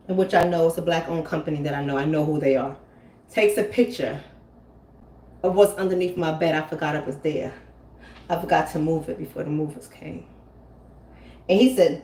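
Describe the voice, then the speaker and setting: A woman in her forties hosts a casual commentary live stream from home, emphatic and preachy, repeating her phrases. Her voice is low with a darkish tone, at a moderate pace with frequent pauses. It's recorded from a distance in a roomy space.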